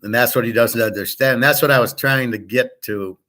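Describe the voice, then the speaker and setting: A man's voice: medium pitch, moderate pace, pushed and bright. A man hosting a show in a casual, rambling monologue, blunt and profane, often restarting his sentences. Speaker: show host.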